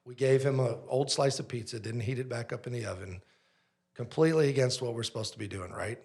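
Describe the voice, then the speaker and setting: A man who owns a pizzeria, a guest on a podcast, telling a story in an animated way and acting out the dialogue. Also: medium pitch, brisk.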